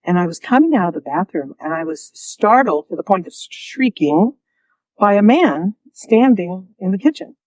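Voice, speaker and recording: A woman telling her own story as an interview guest, lively and often laughing, acting out the voices she quotes. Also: mid-range voice, normal speed, no echo, rough recording.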